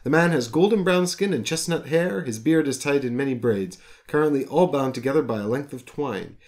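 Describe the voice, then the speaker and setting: A man's voice: mid-range voice, animated, brisk, a little mellow. A man narrating a tabletop storybook game, reading descriptive text aloud steadily, with small stumbles and restarts.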